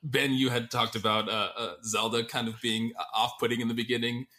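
A man's voice: mid-range voice, little pitch movement, a little fast, sharp tone. A man co-hosting a podcast in casual chat, rambling with lots of fillers and sounding exasperated. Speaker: podcast co-host.

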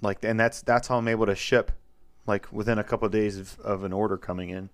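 A man's voice: fairly low pitch, fairly even intonation, fast. A man co-hosting a podcast, explaining his woodworking process in a rambling, repetitive way. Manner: rambling, repeats words when explaining. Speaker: podcast co-host. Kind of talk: casual chat.

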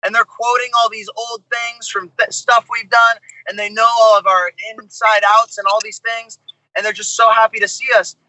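A man and touring musician, a guest on a podcast, telling a story in an animated way with plenty of asides. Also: sits high, moderate pace, rough recording. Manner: animated, tells stories with lots of asides.

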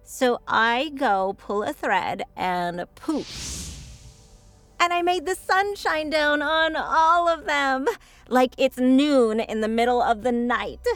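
A woman's voice: high-pitched, slow pace, fairly bright tone. A woman voicing a vain, sardonic sun goddess in an audio drama, with a mocking, theatrical delivery.

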